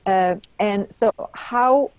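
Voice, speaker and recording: A woman's voice: mid-range voice, drawn-out words, dry recording. A woman co-hosting a casual chat, telling stories animatedly, acting out quotes and laughing often. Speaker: co-host.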